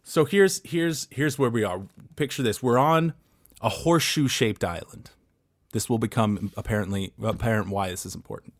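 A man pitching a game show idea on a comedy podcast, rambling and swearing playfully as he goes. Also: normal speed, no echo, clean studio sound.

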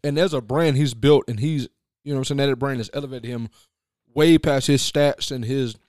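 A man's voice: mid-range voice, moderate pace, darkish tone, no echo, studio quality. Opinionated sports radio host, man. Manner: blunt, opinionated, heavy on filler phrases. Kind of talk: casual sports talk radio.

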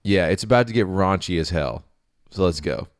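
A man's voice: sits low, dry recording, studio quality. A young man co-hosting a podcast, chatting casually and then reading a story aloud with stumbles and restarts. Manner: halting, with many restarts while reading. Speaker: podcast co-host.

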